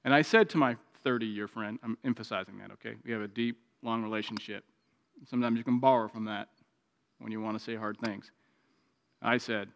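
A man preaching a sermon, moving between raised, emphatic passages and quiet, confiding stretches. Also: fairly even intonation, a little fast, vocal fry. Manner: preaching with swings from raised intensity to quiet, low confiding tones. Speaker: pastor. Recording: long hall reverb.

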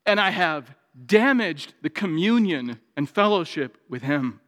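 A man's voice: animated, a little slow. Man preaching in a reverberant hall. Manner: preaching with swings from raised intensity to quiet, low confiding tones. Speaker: pastor. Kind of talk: sermon.

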